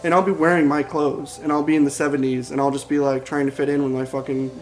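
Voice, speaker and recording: A man's voice: a little high, flat delivery, fast talker, low-quality recording. A man co-hosting a podcast in loose comic chat, swearing and laughing as he acts out silly scenes. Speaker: podcast co-host. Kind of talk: casual comedic chat.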